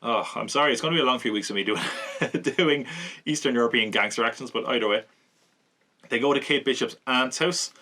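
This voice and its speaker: Bright-voiced chatty man reviewing TV. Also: medium pitch. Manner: chatty, laughs often, slips into quick mock voices. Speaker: podcast host. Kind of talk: casual TV recap and review.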